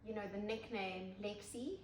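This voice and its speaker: Upbeat woman co-host, brisk talker, recorded off-mic in a reverberant room. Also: mid-range voice, a little mellow. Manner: brisk and upbeat, quick agreeing asides. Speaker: podcast co-host. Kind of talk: casual chat. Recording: roomy, distant mic, faint noise.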